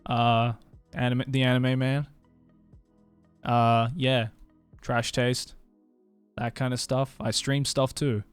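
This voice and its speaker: A man's voice: mid-range voice, little pitch movement, takes it slowly, pauses often, clear, resonant tone, faint music behind. A young man with an Australian accent blended with other influences, chatting casually with viewers on a live stream, swearing freely and laughing often. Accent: Australian with international mix.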